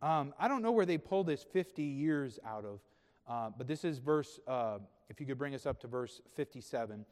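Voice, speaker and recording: A man's voice: mid-range voice, normal speed. A pastor delivering a sermon, a man with a mid-range voice who talks through the passage plainly and then swells into emphatic, raised emphasis. His words ring out with a long reverb, as if filling a church sanctuary. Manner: conversational, emphatic preaching that swells to loud peaks. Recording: reverberant hall.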